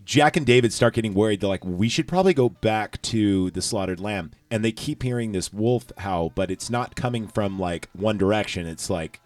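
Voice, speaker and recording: A man's voice: lowish voice, normal speed, hardly any pauses, darkish tone, no room sound. Man recapping a movie, swearing, rambling. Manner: rambling, profane storytelling with many fillers. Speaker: podcast host. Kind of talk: casual movie recap chat.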